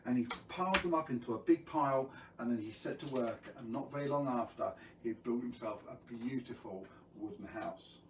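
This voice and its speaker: A man's voice: mid-range voice, moderate pace, few pauses, echoey room, recorded from a distance, slight background noise, poor audio. A man telling a children's story on a live stream, playful and jokey, who keeps quizzing his viewers.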